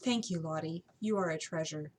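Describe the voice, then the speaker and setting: A woman voicing a young gentlewoman, hungover and flustered, in an amateur audiobook reading. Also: sits low, moderate pace, slight background noise, lightly acted.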